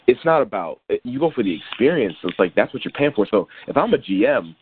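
A man's voice: medium pitch, big pitch swings, fast talker, slight background noise. A man co-hosting a sports podcast, chatting casually with many restarts and fillers. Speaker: podcast co-host. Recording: tinny phone-like sound.

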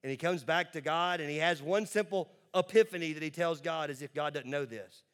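A male pastor with a somewhat high voice delivers a sermon to a congregation. He is emphatic and switches between quick asides and slowly stretched words. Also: a bit bright.

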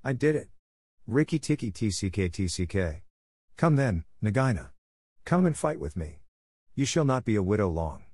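A man's voice: on the low side, very animated, normal speed, darkish tone, no echo, studio quality. A man playing a bold, defiant young mongoose. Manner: eager, defiant and triumphant. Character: brave young male mongoose, bold and fierce.

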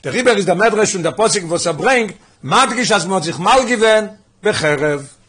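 A man's voice: high-pitched, expressive, brisk, a bit bright, slightly rough. A man teaching a religious text class, working through sources with repeated questions and mixing English with Hebrew and Yiddish terms. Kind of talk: lesson on a Talmudic text.

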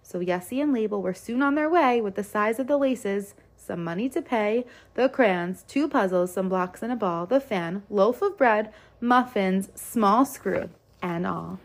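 A woman's voice: medium pitch, lively intonation, measured pace. A woman reading a rhyming children's picture book aloud in a lilting rhythm. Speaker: storyteller.

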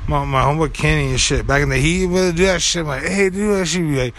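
A man's voice: fairly high pitch, quick pace, fairly bright tone. Rambling profane young man, casual storytelling. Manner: rambling, profane, many fillers and restarts. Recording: faint background noise.

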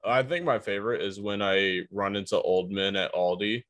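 A man co-hosting a casual chat, reacting with quick jokes. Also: lowish voice, a bit bright, no echo. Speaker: podcast co-host.

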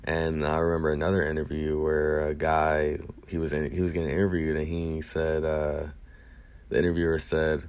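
Young man, very deep flat voice, earnest rambling vlogger with lots of fillers. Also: normal speed, clean tone. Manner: rambling, full of fillers and restarts; earnest, emotional admiration. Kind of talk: casual monologue.

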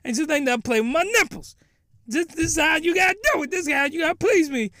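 A man's voice: very high-pitched, quick pace, sharp tone, no echo, studio quality, voice pushed up. A man voicing a bossy, pushy pink-haired anime woman who scolds and gives orders. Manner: demanding, scolding.

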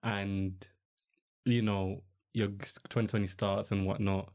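A man's voice: on the low side, little pitch movement, slow pace, darkish tone. A young man hosting a podcast, chatting casually in a rambling, slang-filled way. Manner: rambling, laid-back, peppered with slang and fillers. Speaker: podcast host. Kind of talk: casual chat.

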